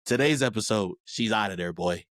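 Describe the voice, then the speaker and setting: A man's voice: on the low side, brisk, fairly bright tone, no room sound, clean studio sound. A man co-hosting a pop culture podcast, recapping a reality show in a loose, rambling way full of fillers and restarts. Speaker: podcast co-host. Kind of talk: casual pop culture chat.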